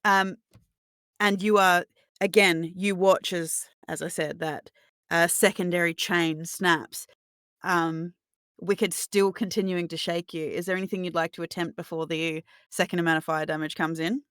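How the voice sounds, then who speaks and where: A woman running a tabletop role-playing game, describing the scene slowly and in detail to her players. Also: on the low side, fairly even intonation, a bit bright, clear, resonant tone, no echo, studio quality. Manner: slow, descriptive scene narration. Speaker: game master.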